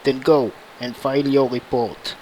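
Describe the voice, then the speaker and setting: A man's voice: mid-range voice, fairly even intonation, measured pace, a little mellow, slight background noise, voice pushed down, close to an everyday voice, poor audio. A man voicing a stern male agent boss, cold and curt.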